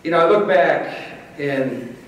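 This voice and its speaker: A man's voice: fairly high pitch, animated, slow pace. A middle-aged man from Missouri, giving a folksy acceptance speech as a motivational speaker. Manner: folksy, warm storytelling with playful crowd asides. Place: large banquet hall. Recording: echoey hall, distant mic, faint hiss.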